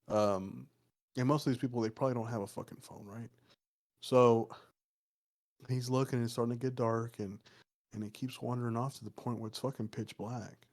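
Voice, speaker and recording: A man's voice: medium pitch, steady tone, moderate pace, a little mellow. Podcast guy rambling through a spooky story, swears a lot, lots of um and you know. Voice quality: loose, profane, rambling with many fillers. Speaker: podcast co-host. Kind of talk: casual storytelling.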